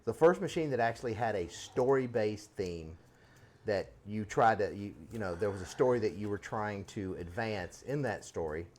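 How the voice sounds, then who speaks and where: A man's voice: fairly low pitch, expressive, moderate pace, darkish tone. Rambling middle-aged man telling shop stories. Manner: rambling storyteller, chuckles often. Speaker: host. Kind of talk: casual workshop chat.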